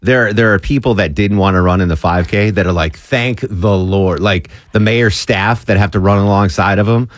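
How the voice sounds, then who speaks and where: A man's voice: on the low side, brisk, hardly any pauses, no room sound. A man hosting a morning talk radio show, bantering with a co-host and reading promos with emphasis. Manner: chatty, jokey, reads promos with emphasis. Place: radio studio.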